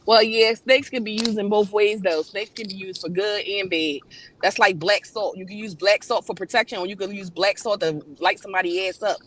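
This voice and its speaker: A woman's voice: medium pitch, fairly even intonation, fairly quick, fairly bright tone, a little hiss or hum. A woman, a panel guest in a casual livestream chat, talks in an emphatic, preachy and blunt way with some swearing. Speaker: guest on a spiritual talk panel.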